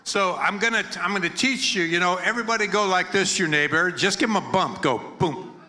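Briskly, in a high, pushed and bright voice, the guest preacher, an older American man, gives an energetic sermon in a church hall. He keeps it playful with jokes and leads the congregation in call-and-response chants.

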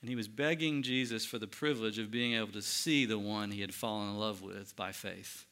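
A man preaching a sermon, swinging between loud emphatic lines and hushed, quiet ones. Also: on the low side, fairly even intonation, a little fast. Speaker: pastor.

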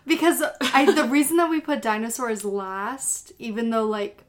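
Brief: young woman, high voice, rambling podcast co-host. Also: normal speed. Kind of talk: casual chat.

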